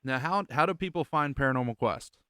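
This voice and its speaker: An easygoing man hosts a casual podcast chat, recording from outside his house. His voice is smooth and clear, with a mid pitch and a dry sound. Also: lively intonation, pushed and bright, no room sound. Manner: easygoing, quick to laugh along. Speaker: podcast host.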